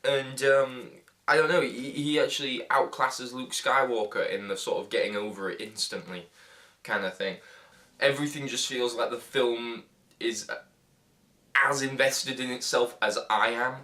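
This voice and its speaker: Young male film reviewer, bright tone, sarcastic and rambling, casual delivery. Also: medium pitch, steady tone, moderate pace. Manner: rambling, sarcastic, frequent fillers and restarts.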